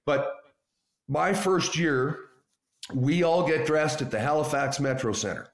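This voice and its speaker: A man spins a locker-room yarn in a folksy, unhurried way, his voice pitched a bit high for a man. The sound is roomy, with noticeable echo around him. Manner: folksy, drawn-out anecdote-telling. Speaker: podcast guest. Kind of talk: casual storytelling.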